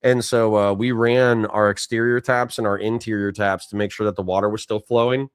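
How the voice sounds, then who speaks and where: A man's voice: lowish voice, little pitch movement, brisk, clean tone, no echo, studio quality. Tired, rambling male livestream host. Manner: rambling, candid, many fillers and restarts. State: tired, yawning. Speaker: streamer host reading chat. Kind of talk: casual livestream chat.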